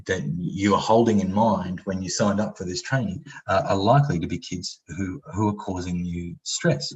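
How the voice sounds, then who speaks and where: A man with a low voice leads an online training workshop, chatting casually with plenty of fillers and performing example voices. The audio quality is poor.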